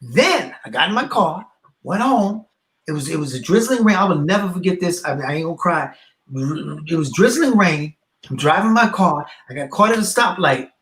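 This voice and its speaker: A man telling a story as a guest educator, acting out the people in it with loud bursts. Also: high voice, expressive, normal speed, echoey room. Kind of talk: storytelling in a podcast conversation.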